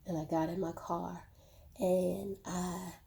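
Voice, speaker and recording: Woman, slow and measured, speaking to viewers in a dark, flat voice. Personal testimony. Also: fairly low pitch, creaky. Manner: slow, measured storytelling with repeated words.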